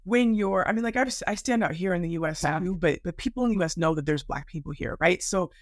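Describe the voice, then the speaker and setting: A woman from the United States, a guest on a podcast, telling stories in a lively way and acting out the people she quotes. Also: lowish voice, fast, dry recording, clean studio sound. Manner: animated, acts out quoted voices. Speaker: guest, life coach. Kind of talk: conversational storytelling.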